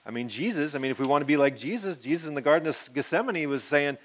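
A middle-aged man, a pastor, giving an earnest personal testimony that rambles with restarts and often sinks to a soft murmur. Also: fairly high pitch, lively intonation, quick pace.

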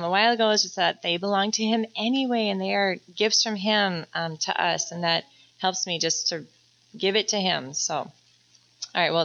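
A woman gives an earnest, gentle testimony to a church group, pausing often on small fillers. Her voice is bright and clear. The recording sounds dull and lo-fi. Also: medium pitch. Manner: earnest, gentle, with many fillers and soft laughs. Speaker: mother sharing a testimony. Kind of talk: prepared talk to a church group.

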